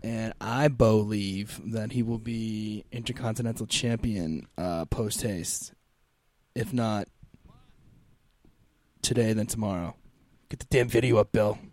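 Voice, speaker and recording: A man's voice: on the low side, steady tone, a little mellow, dry recording. A man co-hosting a casual podcast, enthusiastic and joking. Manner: enthusiastic, playful, quick asides. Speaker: podcast co-host. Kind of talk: casual chat.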